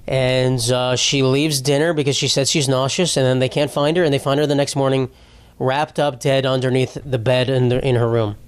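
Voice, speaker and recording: A man hosting a podcast, talking in a casual, rambling comedic monologue, irreverent and laughing his way through dark news stories. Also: medium pitch, clear, resonant tone, dry recording. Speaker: podcast host.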